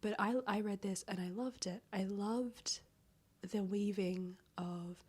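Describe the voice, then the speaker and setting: A woman speaks in a breathy near-whisper with a husky, hoarse edge that keeps cracking. She chats and rambles through a casual book-review vlog and swears now and then. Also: medium pitch, steady tone, takes it slowly, darkish tone. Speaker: book vlogger.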